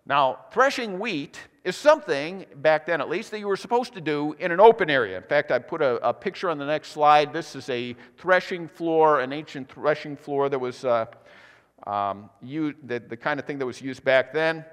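Male pastor, high and expressive delivery, conversational sermon, reverberant sanctuary. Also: normal speed, clean tone. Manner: animated, conversational preaching with restarts. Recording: long hall reverb.

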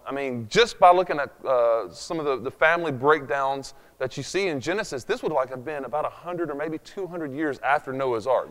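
A man preaching a sermon in a conversational way, with sarcastic asides and frequent fillers, before a room of listeners. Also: mid-range voice. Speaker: pastor. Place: church hall with long reverb. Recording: echoey hall recording.

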